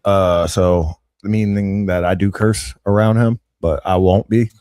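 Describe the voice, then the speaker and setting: A man's voice: deep voice, steady tone, a little slow, warm tone, clean tone, no room sound. A man hosting a podcast, chatting casually in easygoing, slangy banter. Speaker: podcast host. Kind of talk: casual chat.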